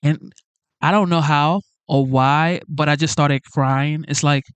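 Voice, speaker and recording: A man's voice: fairly high pitch, steady tone, unhurried, clear, resonant tone, no room sound. A man hosting a live stream, reading viewer messages aloud and talking earnestly and emotionally, repeating himself. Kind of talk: casual live-stream chat reading super chats.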